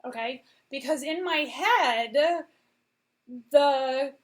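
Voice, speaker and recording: A woman's voice: high-pitched, very slow, poor audio. A woman in her forties, a veterinarian and coach, giving a casual motivational talk and often checking in with "okay?". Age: 40s.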